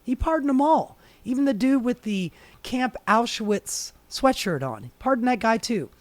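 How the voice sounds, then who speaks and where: Host, hoarse and breathy, sarcastic and profane rant, close-miked in a dry room, mid-pitched voice. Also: sing-song, unhurried, no echo. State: hoarse, airy and breathy from a strained voice. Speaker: political commentary host. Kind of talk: ranting political commentary. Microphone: leaning close into a microphone.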